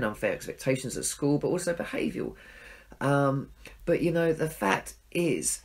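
A middle-aged man giving a sermon in a conversational, self-deprecating way, acting out his own inner voices. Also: mid-range voice. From England. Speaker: pastor.

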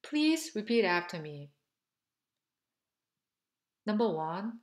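A woman teaching pronunciation, speaking slowly and deliberately and repeating syllables for learners to copy. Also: medium pitch, sing-song, roomy sound. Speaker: language teacher. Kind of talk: pronunciation drill lesson.

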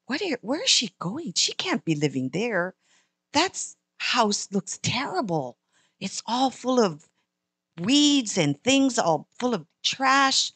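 A woman's voice: fairly high pitch, sing-song, slow pace, fairly bright tone, slightly rough, dry recording, voice pushed up, heavily acted. Woman doing an earnest little girl. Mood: excited. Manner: pleading, childlike. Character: young girl, caring and earnest.

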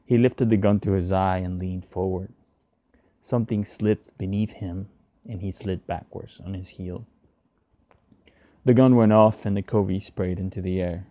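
A man narrating a short story in a measured, subdued way. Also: sits low, fairly even intonation, mellow, no echo. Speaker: reader.

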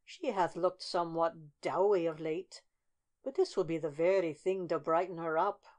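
Woman voicing a kindly queen, calm, practical, matter-of-fact. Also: lowish voice, moderate pace, natural voice. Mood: pleased.

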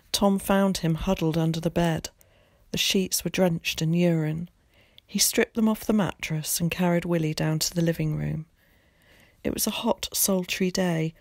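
A woman teacher reading a children's novel aloud in an expressive, measured storytelling voice. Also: lowish voice, no room sound, studio quality. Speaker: primary school teacher.

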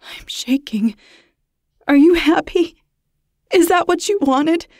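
A frightened young babysitter, put on by a woman narrator, her voice rising high and breathy as panic sets in. The sound is dry and close, with no room around it. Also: very slow, dark tone, no echo, full character voice.

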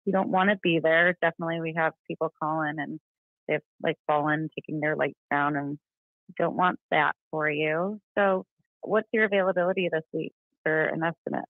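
A woman's voice: low voice, steady tone, moderate pace, no room sound. A woman answering a business phone, polite and hesitant, with many fillers. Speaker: receptionist. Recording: tinny phone line.

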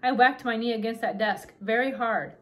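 A woman's voice: a little high, fairly even intonation, moderate pace, fairly bright tone, lightly acted. A woman reading aloud and voicing a tiny, fussy, pompous male king who talks in a raised, peevish way.

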